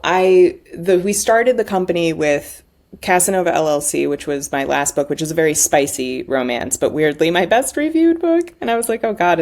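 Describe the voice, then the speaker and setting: Low-voiced woman guest, chatty. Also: gravelly. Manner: thoughtful, chatty, with restarts. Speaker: guest, author and audiobook narrator. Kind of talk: casual podcast chat.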